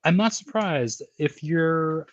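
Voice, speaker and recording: A man's voice: fairly high pitch, slow pace, no room sound, lo-fi sound. Rambling American man hosting a podcast. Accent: American, with a touch of New York. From Baltimore, USA. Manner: rambling, with many repeated words and restarts. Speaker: podcast host. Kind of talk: casual interview chat.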